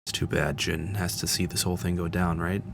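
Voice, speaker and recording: Deep-voiced man chatting through a film. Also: flat delivery, brisk, creaky, noisy background. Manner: chatty, enthusiastic fan, frequent fillers. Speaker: channel host. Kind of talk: casual film audio commentary.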